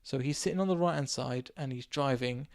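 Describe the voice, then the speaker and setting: A man from England, hosting a casual solo podcast and telling a rambling story while his voice is going hoarse. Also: mid-range voice, brisk, no room sound, clean studio sound. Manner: rambling, animated anecdote with acted quotes. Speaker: podcast host.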